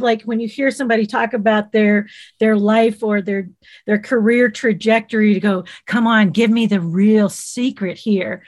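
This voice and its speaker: In a relaxed interview, a middle-aged woman who created a children's TV show shares her story in a warm Southern US accent. Her voice is slightly high and her delivery lively and animated. When she quotes people, she drops into quick impressions of them.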